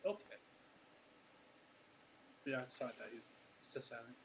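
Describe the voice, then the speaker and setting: A man's voice: medium pitch, lively intonation, a little slow, noisy background. A man hesitantly describing his character and checking stats as a player in a tabletop game. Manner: hesitant, with fillers.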